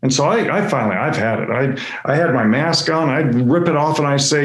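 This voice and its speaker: A man speaking at a conference, telling a personal story with halting, stammering restarts. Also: fairly high pitch, animated. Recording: echoey room.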